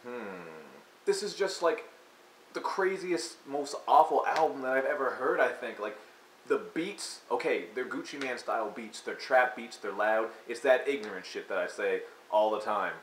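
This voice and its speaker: A man's voice: medium pitch, moderate pace, fairly bright tone. A man giving a crude, mocking rant of an album review, breaking into exaggerated impressions. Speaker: music reviewer. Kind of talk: ranting comedic album review. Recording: echoey room with faint hiss.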